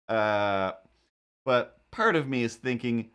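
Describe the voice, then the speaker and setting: Animated man telling a rambling story. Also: mid-range voice, normal speed. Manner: animated, acts out quoted voices, rambling asides. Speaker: live-stream host and cartoonist. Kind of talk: casual storytelling on a drawing live stream.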